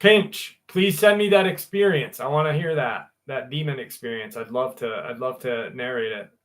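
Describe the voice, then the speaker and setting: A man's voice: mid-range voice, normal speed, a bit bright. A man hosting a live stream, chatting loosely with viewers, swearing and laughing easily. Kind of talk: casual sign-off chat with viewers.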